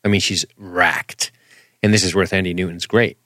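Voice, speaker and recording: A man with a very low, deep voice recaps a show in an easygoing chat with a co-host. He walks through the scenes, quotes the lines and laughs often. The sound is dry and close. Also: fairly even intonation, moderate pace, sharp tone, no room sound. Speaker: podcast co-host.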